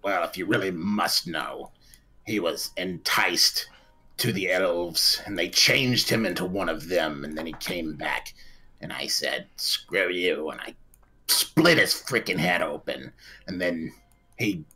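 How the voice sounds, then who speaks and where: Deep, husky gruff man. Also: measured pace, pushed and bright. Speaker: player. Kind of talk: in-character tabletop play.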